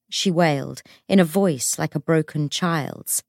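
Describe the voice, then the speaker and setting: A woman narrating an audiobook in an expressive, dramatic way. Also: low-pitched, a little slow, creaky, hardly any pauses, dry recording, studio quality.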